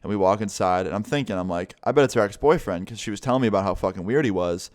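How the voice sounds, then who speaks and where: Low, smooth-voiced young man telling stories. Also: racing. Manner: profane, animated storytelling. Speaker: vlogger. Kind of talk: casual storytime.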